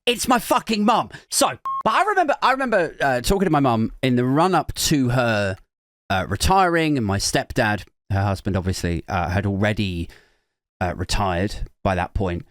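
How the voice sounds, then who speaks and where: A man's voice: mid-range voice, expressive, moderate pace, a bit bright, no room sound, studio quality. A man hosting a podcast, chatting casually and sardonically about a news story, laughing at his own asides. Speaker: podcast host. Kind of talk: casual commentary reading news.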